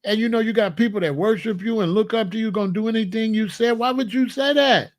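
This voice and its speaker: A man's voice: sits high, fast talker. A man hosting solo political commentary, talking emphatically and repeating incredulous rhetorical questions. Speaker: commentary channel host.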